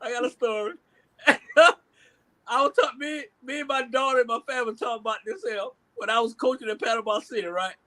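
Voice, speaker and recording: A man and former coach tells a story on a call-in sports panel, laughing as he goes and repeating "man" and "hey". His voice sits high and rings bright and forceful. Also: steady tone, quick pace, few pauses. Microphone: video call.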